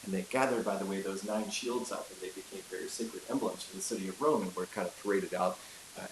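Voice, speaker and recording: A man teaching a class in a chatty storytelling way, with many fillers and asides, recorded in an echoey room with hiss. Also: fairly low pitch. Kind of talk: casual classroom lecture.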